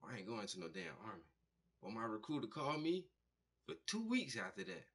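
A man hosting a painting show, telling stories in a loose, profane, animated way and acting out the people he quotes. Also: fairly low pitch, fairly quick, slightly rough. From United States. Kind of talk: casual storytelling monologue.

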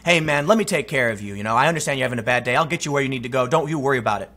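A man's voice: mid-range voice, lively intonation, very fast, pushed and bright. A man voicing a grateful male cab driver who gushes thanks and repeats himself. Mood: reassuring.

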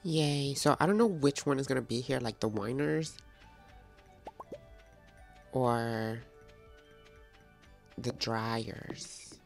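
Gravelly-voiced woman chatting through a game. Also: a bass voice, slow pace, pauses often, soft background music. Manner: chatty and playful, talks to game characters and viewers. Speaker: gaming video host. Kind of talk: casual let's-play commentary.

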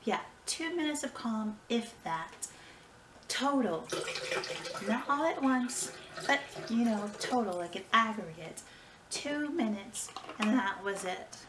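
A woman's voice: fairly high pitch, animated, takes it slowly, echoey room, crowd noise, poor audio. A woman chatting casually to her phone camera at home, tired and a little out of breath, with playful dramatic sighs. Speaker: vlogger. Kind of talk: casual vlog chat. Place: home kitchen. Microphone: phone on a selfie stick.

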